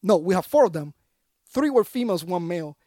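A man, a podcast guest and army veteran, telling stories in a casual, slangy, animated way in a studio. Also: sits high, fairly quick, dry recording. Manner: animated, slangy, acts out other voices. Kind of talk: casual storytelling.

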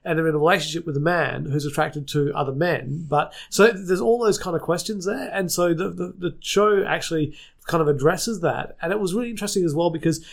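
A man's voice: on the high side, brisk, gravelly. Explaining man, lots of fillers. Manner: explains things at length, hesitant fillers. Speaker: podcast co-host. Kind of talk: casual chat.

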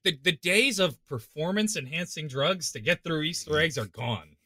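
A young man with a mid-pitched, bright voice chats on a podcast and teases the others. His pitch moves a lot, and the close mic sounds dry. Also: lively intonation, moderate pace, no room sound. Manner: teasing, jokey. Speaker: podcast co-host. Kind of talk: casual chat.

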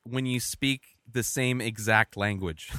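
Man, mid-pitched, sharp tone, rambling profane chatter. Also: takes it slowly, no echo, studio quality. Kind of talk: casual chat.

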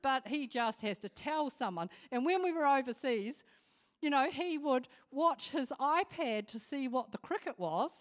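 A woman giving an informal devotional talk, chatty and animated, with humorous asides. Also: high voice, a little slow. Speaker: devotional speaker.

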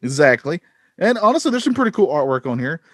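A man's voice: fairly high pitch, sing-song, fast, dry recording, clean studio sound. Rambling man with many fillers. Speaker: podcast co-host. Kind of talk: casual chat.

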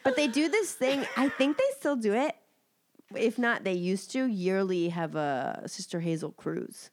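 A woman's voice: mid-range voice, unhurried, a little hiss or hum. A woman from Florida with a cold and a nasal voice, chatting as a podcast guest with wry remarks. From Gainesville, Florida. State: has a cold. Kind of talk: casual podcast chat.

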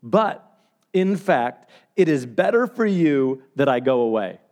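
A man preaching a sermon as pastor, telling stories with animated swings between loud and hushed delivery. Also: mid-range voice, unhurried.

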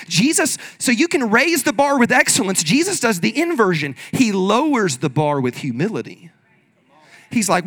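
A man preaching a sermon in an energetic, conversational way, leading the congregation in call-and-response. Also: sits high, a little fast. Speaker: pastor.

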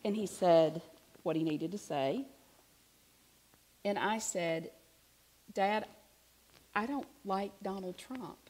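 A woman preaching a sermon, telling a personal story in a conversational way, swinging from hushed to emphatic. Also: mid-range voice, slow pace, long pauses.

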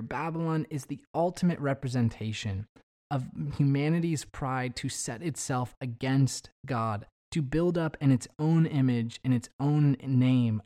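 A man delivering a sermon in a mellow, warm voice, reading scripture aloud and lifting his emphasis as he goes. His pitch sits in an ordinary middle range. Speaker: preacher.

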